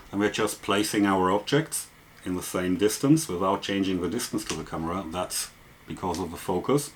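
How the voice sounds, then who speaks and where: In a screen-recorded software tutorial on photography and photo editing, a man explains each step as he goes, using plenty of fillers. He speaks in a low voice, with a little hiss or hum in the audio.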